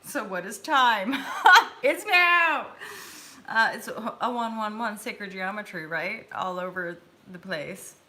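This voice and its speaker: Brief: woman, host of a live tarot stream, bright and bubbly, giggly, chatty. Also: mid-range voice, takes it slowly, slight background noise. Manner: bubbly and giggly, talks straight to viewers. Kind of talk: casual chat.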